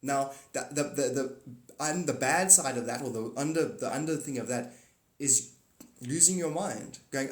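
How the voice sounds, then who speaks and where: On a livestream, a male host with a medium-pitched voice talks at a normal speed, chatting casually, reading comments, and rambling animatedly through spiritual ideas. He's using a phone mic in an echoey room.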